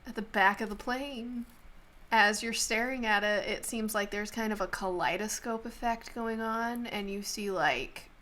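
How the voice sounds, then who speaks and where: A woman running a tabletop role-playing game as game master, narrating scenes in an animated, laughing way. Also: mid-range voice, a little slow. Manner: animated storyteller who laughs often.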